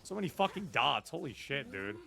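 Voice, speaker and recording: A man's voice: mid-range voice, big pitch swings, fairly quick, vocal fry, pushed and bright. A young man streaming a video game live, chatting casually, laughing often and swearing now and then.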